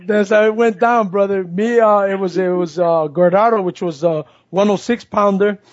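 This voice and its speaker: A man's voice: high voice, normal speed, dry recording, highs cut off. A male host chatting casually with a guest, laughing often and dropping in Spanish words. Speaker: show host. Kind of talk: casual interview chat.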